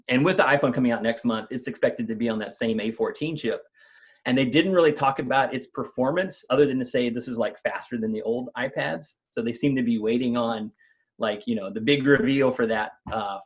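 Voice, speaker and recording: A man, a company's technical chief, explaining new gadgets in a relaxed conversational way, with frequent fillers and restarts. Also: mid-range voice, a little fast, dull audio. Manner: thoughtful, many fillers and restarts. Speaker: company CTO explaining tech news.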